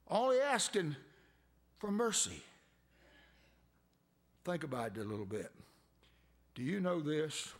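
Fervent preacher with a gravelly voice. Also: male voice, big pitch swings, a little slow, pauses often. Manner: fervent and emphatic, swinging between high pleading cries and low earnest asides. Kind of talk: sermon.

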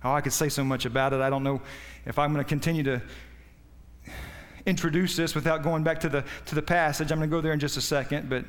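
A man's voice: steady tone, fast. Impassioned preacher man in a reverberant hall. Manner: impassioned, rising and falling in pitch and volume. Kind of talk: sermon.

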